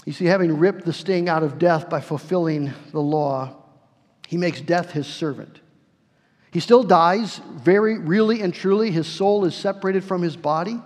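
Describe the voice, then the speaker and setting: Male pastor, sermon, high voice, earnest, drawn-out emphasis, long hall echo. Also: darkish tone. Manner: earnest, slows and swells for emphasis, repeats words.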